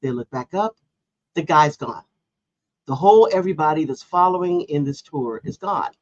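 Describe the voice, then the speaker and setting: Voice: mid-range voice, expressive, normal speed, highs cut off. A podcast co-host in casual chat, telling a story and arguing her point with emphatic disbelief.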